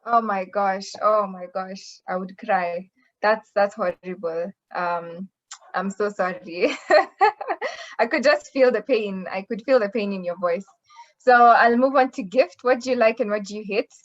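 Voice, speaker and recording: A woman's voice: medium pitch, measured pace. A woman moderating an online panel discussion, effusive and full of fillers. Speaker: webinar moderator. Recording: slightly dull lo-fi audio.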